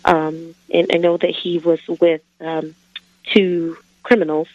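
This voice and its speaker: A woman calling in to a radio show, asking a Bible question hesitantly with many pauses. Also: sits low, flat delivery, no echo. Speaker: caller. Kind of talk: call-in question. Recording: dull phone line.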